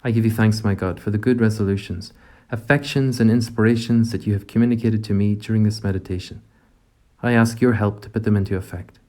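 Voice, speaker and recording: A man leading a gentle, reflective prayer meditation, speaking directly to God. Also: lowish voice, steady tone, brisk.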